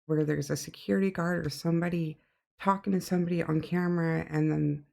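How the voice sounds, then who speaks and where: A reaction host muses in casual chat, starting and stopping with fillers. The voice is gravelly with heavy vocal fry at a middle pitch. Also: steady tone, mellow. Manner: halting, thinking aloud with fillers.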